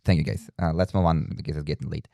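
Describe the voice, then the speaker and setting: A man with an extremely deep voice and a gravelly edge hosts a relaxed podcast conversation. He hesitates and restarts his sentences often. The sound is dry and close. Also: quick pace, no room sound. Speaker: podcast host. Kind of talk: casual chat.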